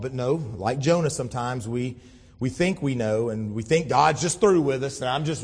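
A man preaching a sermon with impassioned delivery, his voice swelling loud and then dropping low. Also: moderate pace, slightly rough. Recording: long reverb in a large hall.

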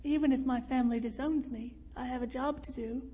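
Woman narrator doing a soft-spoken earnest young man, quiet and steady, reverberant room. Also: high voice, fairly quick, husky.

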